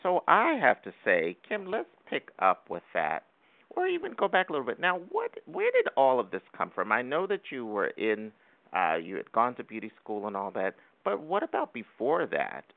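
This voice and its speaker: A male radio morning show host interviews his guest, his voice swooping up and down with great animation. There is a gravelly edge to his tone. The sound is dry and thin, like a phone line. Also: mid-range voice, wildly swooping pitch, moderate pace, no room sound. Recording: tinny phone-like audio.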